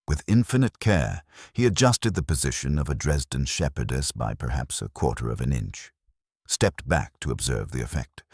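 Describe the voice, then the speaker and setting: A man narrating a story in the first person, in a measured, formal way. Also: a bass voice, husky, no room sound, clean studio sound.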